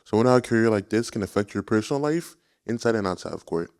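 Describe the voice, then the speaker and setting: A man from the audience asking a question quickly, with a gravelly, lowish voice. He sounds somewhat farther from the mic than the people on stage. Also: expressive, a little mellow.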